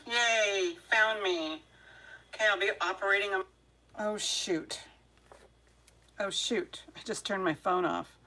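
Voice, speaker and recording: Running a live jewelry sale stream, a woman grapples with her devices, muttering flustered asides in between chatty talk before welcoming each viewer individually. Her voice is on the low side, slow and bright with a forceful tone, with long pauses.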